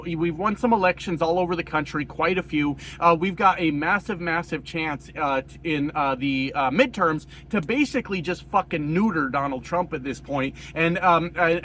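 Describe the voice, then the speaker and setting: A man from rural Colorado giving a casual, profane political rant, hoarse and coughing, rambling with many fillers. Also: fairly high pitch, fairly bright tone, a little hiss or hum. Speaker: political commentator.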